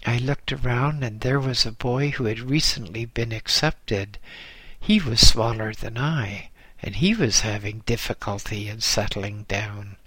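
A man reading a first-person story aloud in a measured, gently wry way. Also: fairly low pitch, breathy edge, no echo. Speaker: narrator. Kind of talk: first-person audiobook narration.

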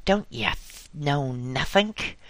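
A man voicing a loud, blustering, gossiping old working-class woman who yells and scolds. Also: deep voice, expressive, slow pace, no echo, full character voice. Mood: loud indignant. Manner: roaring, yelling, exasperated.

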